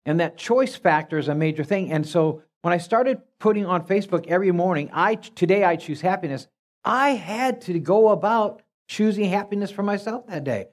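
A man's voice: high-pitched, animated, moderate pace. A man teaching scripture in a church talk, teasing his wife and often restarting his sentences. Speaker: minister, marriage counselor.

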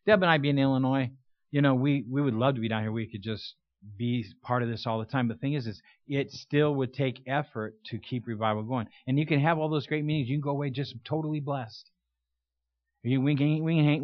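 A man's voice: mid-range voice, no echo. An older man preaching a conversational sermon in a church, telling stories with folksy humor. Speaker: guest preacher. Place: church sanctuary. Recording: dull, lo-fi dry sound.

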